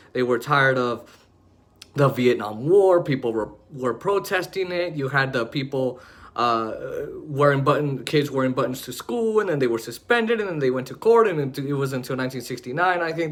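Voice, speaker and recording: A man's voice: medium pitch, fairly bright tone. Blunt, rambling male podcast host. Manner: blunt, mocking, rising to heated anger; loose, with many fillers and restarts. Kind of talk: opinionated political podcast monologue.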